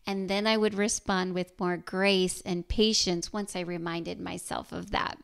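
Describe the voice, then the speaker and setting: A middle-aged woman hosting a parenting podcast, speaking in a gentle, encouraging manner. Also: medium pitch, moderate pace, vocal fry, few pauses, clear, resonant tone. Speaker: podcast host. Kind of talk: scripted podcast talk to mothers.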